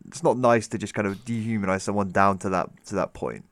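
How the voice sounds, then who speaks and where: A man's voice: fairly low pitch, fairly even intonation, a little fast, a bit bright, dry recording. A man co-hosting a podcast in casual chat, emphatic and laughing, swearing freely. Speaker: podcast co-host.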